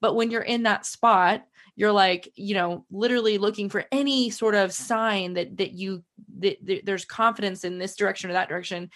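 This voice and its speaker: A woman's voice: mid-range voice, fairly even intonation, moderate pace, few pauses, fairly bright tone. A woman hosting a podcast, talking earnestly in casual conversation and reading a sponsor spot. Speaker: podcast host.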